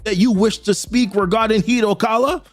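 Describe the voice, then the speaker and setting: A man voicing a cocky male alien warrior who taunts slowly, read from a comic. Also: sits high, steady tone, no room sound, pitched above the performer's own voice, lightly acted. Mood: mocking.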